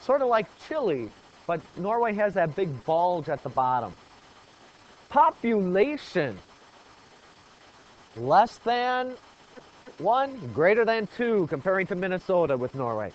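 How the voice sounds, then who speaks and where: A man's voice: high voice, big pitch swings, a little slow, pauses often, lo-fi sound. A man teaching a geography lesson in a classroom, quizzing the students with call-and-response questions. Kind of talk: classroom lecture.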